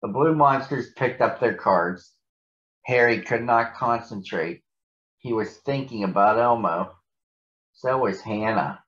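Man reading a picture book slowly. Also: fairly low pitch. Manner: slow, deliberate reading with lively voices. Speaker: storybook reader. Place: large arena. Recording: muffled, in a large echoey space.

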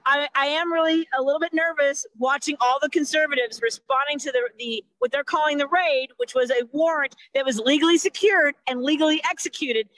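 A woman comedian with a high, bright, sharp voice rants in a rambling, exasperated way. She turns everything into a joke. The sound is close and dry, over a video call. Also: dry recording, low-quality recording. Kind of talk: stand-up rant.

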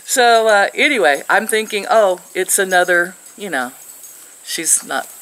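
A woman's voice: medium pitch, lively intonation, measured pace, a bit bright, poor audio. An older woman from Missouri, sitting outdoors and chatting to camera as she tells a rambling story with frequent laughs. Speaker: vlogger.

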